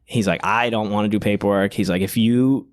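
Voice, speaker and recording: A man's voice: on the low side, fairly quick. Young guy from boston cursing his way through a wild story, podcast guest. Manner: profane, animated storytelling with many fillers. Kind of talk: casual storytelling.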